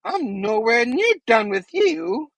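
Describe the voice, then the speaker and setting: A man doing a cackling goblin villain who taunts his enemy, pitched far above his normal voice, and swoops up and down in long, drawn-out lines. The sound is dry and close, with no room around it. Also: big pitch swings, a bit bright, no echo, full character voice. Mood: taunting. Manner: mocking, drawn-out menacing delivery. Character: gleeful taunting male supervillain goblin.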